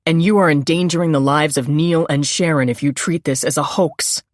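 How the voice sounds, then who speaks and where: A woman narrator voicing an anguished father who speaks flatly, holding himself in tight control. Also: a little high, normal speed, no echo, studio quality, close to an everyday voice. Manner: flat, tense.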